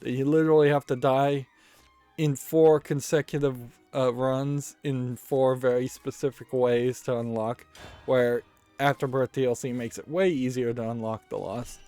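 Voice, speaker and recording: A man's voice: medium pitch, steady tone, normal speed, warm tone, clear, resonant tone, soft background music. A man giving casual commentary while playing a card game, rambling and thinking aloud and often correcting himself. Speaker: let's play host.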